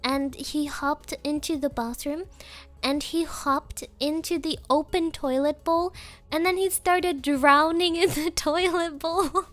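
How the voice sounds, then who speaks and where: A woman's voice: high-pitched, steady tone, takes it slowly, a bit bright. A woman streamer chatting casually with viewers, telling rambling stories with frequent giggles and Japanese filler words.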